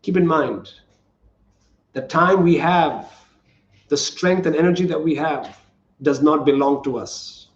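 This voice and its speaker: Male pastor, high voice, earnest sermon, roomy church echo, muffled lo-fi sound. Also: measured pace, long pauses. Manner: earnest, repetitive preaching with rhetorical questions. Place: church sanctuary. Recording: echoey church room, dull lo-fi sound.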